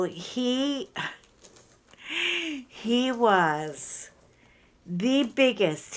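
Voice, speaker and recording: Slow, chatty middle-aged woman vlogger. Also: medium pitch. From Ireland. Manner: chatty, rambling storyteller with many asides. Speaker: craft vlogger. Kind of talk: casual chat while unboxing.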